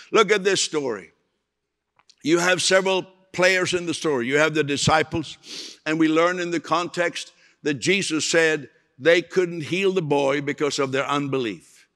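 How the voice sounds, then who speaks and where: A man's voice: fairly high pitch, normal speed, bright, forceful tone. A male preacher delivering a sermon, telling stories and acting out the voices of people in them. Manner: storytelling, acts out quoted voices. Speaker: evangelist preacher. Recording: long hall reverb.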